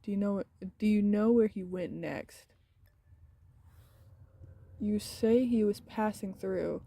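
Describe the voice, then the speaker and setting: A woman's voice: mid-range voice, takes it slowly, creaky, mellow, dry recording. A woman voicing a polite young adult French woman who asks questions in a game. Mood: inquiring.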